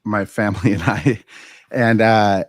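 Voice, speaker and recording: An older man with a fairly low voice tells a story in a loose, meandering way, stopping and restarting with plenty of fillers. His voice sounds close and dry, with no room around it. He is co-hosting a casual comedy chat. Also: steady tone, no room sound. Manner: rambling storyteller, halting with fillers. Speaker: comedy show co-host.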